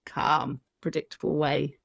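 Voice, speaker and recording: A woman co-hosting a parenting podcast, explaining things in a calm, measured, step-by-step way. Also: sits low, vocal fry, no echo, studio quality. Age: adult parent. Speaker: podcast co-host and infant sleep practitioner.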